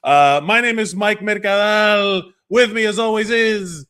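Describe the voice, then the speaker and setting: Male podcast host, high bright voice, bouncy delivery, jokey banter. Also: unhurried, clean tone. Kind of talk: casual podcast chat.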